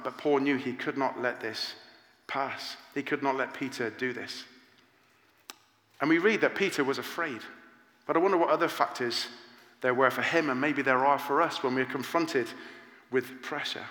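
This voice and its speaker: Pastor type, earnest preacher, bright tense voice, echoey church hall with long reverb. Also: male voice, mid-range voice, moderate pace. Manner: earnest, animated preaching with rhetorical questions. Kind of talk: sermon.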